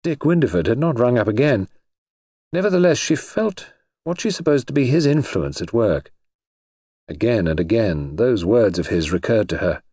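A man narrating an audiobook in a measured, expressive way. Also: medium pitch, breathy edge, no echo, studio quality.

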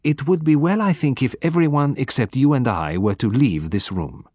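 A man voicing a precise, commanding male detective who speaks in a formal, measured, courteous way. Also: medium pitch, expressive, a little mellow, breathy edge, no room sound, studio quality, pitched above the performer's own voice. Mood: authoritative.

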